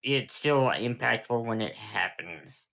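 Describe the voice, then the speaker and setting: A man's voice: medium pitch, lively intonation, slow pace, gravelly, sharp tone, poor audio. A man co-hosting a film podcast, chatting casually and agreeably, laughing often. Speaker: podcast co-host.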